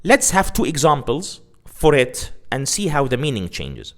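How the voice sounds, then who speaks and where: A man teaching an English grammar lesson, repeating example sentences slowly and stressing key words. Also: mid-range voice, sing-song. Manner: slow, deliberate, repeats examples with heavy emphasis.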